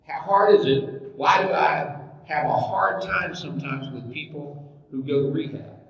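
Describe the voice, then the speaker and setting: A man's voice: fairly high pitch, a little slow, a bit bright, slight background noise. A man preaching a sermon as pastor, emphatic, full of rhetorical questions and scripture references, recorded from far off in an echoey hall.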